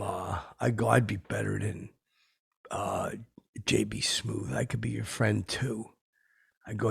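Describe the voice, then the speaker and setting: A man playing a gravelly, rambling has-been comic. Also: fairly low pitch, exaggerated voice. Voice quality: very gravelly, raspy. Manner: rambling, rough-spoken, tactless, lurching between bravado and sentiment. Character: rambling boastful washed-up male comedian. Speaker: podcast host. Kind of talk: comic character monologue.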